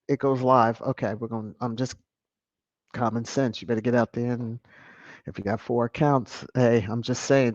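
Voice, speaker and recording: A host, chatting casually on a livestream and reading viewer comments aloud, with sudden high whoops and chuckles. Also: a little mellow, no room sound. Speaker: channel host. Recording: dull, dry lo-fi audio.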